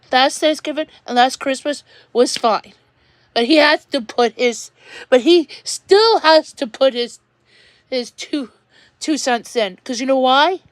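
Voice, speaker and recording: Woman streamer venting, high voice, rambling and halting, dry close sound. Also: no room sound. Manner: rambling, halting, repeats words while venting. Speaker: livestreamer. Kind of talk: emotional livestream venting.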